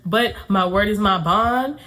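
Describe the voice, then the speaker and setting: A young woman from Atlanta telling a casual storytime to her channel, chatty and quick to break into nervous laughter. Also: mid-range voice, background noise. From Atlanta, USA. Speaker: YouTuber.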